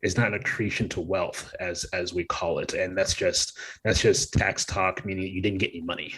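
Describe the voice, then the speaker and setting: A man's voice: sits low, fairly even intonation, moderate pace, fairly bright tone, breathy edge, poor audio. A man co-hosting a podcast who works as a tax professional, explaining in a hesitant way with many ums. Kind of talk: casual explanation.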